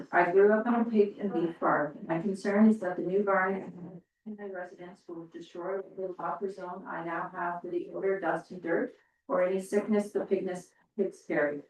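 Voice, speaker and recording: A woman on a council reading a resident's letter aloud in a steady, formal way. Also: medium pitch, a little hiss or hum. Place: council meeting room. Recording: echoey room from a distance.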